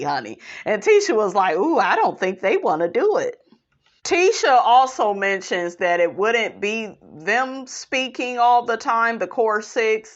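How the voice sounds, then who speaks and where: A woman with a mid-range voice drawls through a reality TV recap, blunt and sassy, throwing in profanity and a pointed "okay?" at the end of her jabs. She talks unhurried on slightly dull, lo-fi audio. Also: medium pitch, a bit bright. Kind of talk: casual reality show recap commentary.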